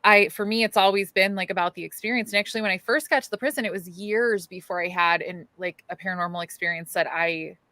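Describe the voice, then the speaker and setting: A woman from Chicago, a paranormal investigator, chatting as a podcast guest in a relaxed way full of fillers. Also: medium pitch, fast, hardly any pauses, no echo. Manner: relaxed, many "you know" fillers. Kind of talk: casual interview chat.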